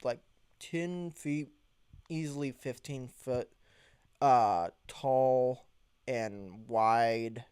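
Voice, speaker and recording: Young adult male storyteller, casual and animated, slow pace, dry close sound. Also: smooth, no room sound. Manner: animated, jumps into high voices when quoting himself. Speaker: vlogger telling a story.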